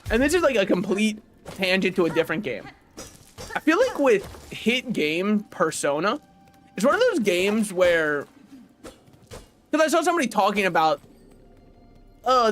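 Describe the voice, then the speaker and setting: Lively 20s guy streaming a game, swears a lot, laughs, goes off on tangents, high voice that jumps all over. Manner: animated, laughing, swearing, rambling asides. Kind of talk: casual gaming livestream chat.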